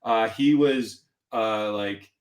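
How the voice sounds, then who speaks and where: A man's voice: lowish voice, takes it slowly. A middle-aged man telling a story in casual conversation as a podcast guest, animatedly acting out the voices of others. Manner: animated, acts out instructors' lines in quotes.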